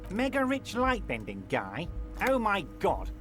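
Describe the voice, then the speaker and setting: A huge, oily union boss in a game, with a high voice full of swooping, lively intonation. He soothes with false friendliness, while faint music plays behind him. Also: unhurried, exaggerated voice. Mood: oily reassuring. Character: large smooth-talking male union boss. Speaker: game character voice.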